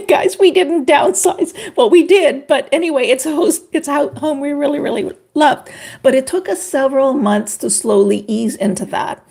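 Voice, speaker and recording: Chatty gravelly-voiced older woman. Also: high voice. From Canada. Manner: animated, chatty, greets viewers by name. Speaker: relationship expert on a livestream. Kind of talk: casual livestream chat.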